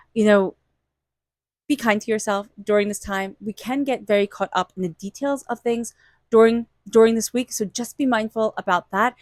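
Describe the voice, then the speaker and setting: A woman's voice: fairly high pitch, a little mellow, no room sound. A woman giving a casual tarot reading to her viewers, gushing and talking loosely with lots of "you know" and "like.". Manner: gushing, lots of "you know" and "like", slips into playful voices for quotes. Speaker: tarot reader. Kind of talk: intuitive tarot reading vlog.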